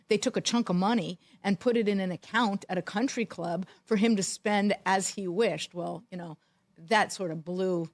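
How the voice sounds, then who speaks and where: Woman, middle-aged, sports talk co-host, wry, animated storyteller, medium pitch. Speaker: podcast co-host, former football executive. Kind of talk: storytelling in casual chat.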